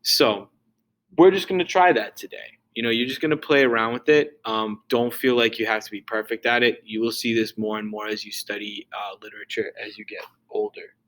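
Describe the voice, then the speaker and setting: A man's voice: lowish voice, steady tone, brisk, a bit bright, rough recording. A male teacher giving a loose, casual recorded lesson, full of fillers and restarts.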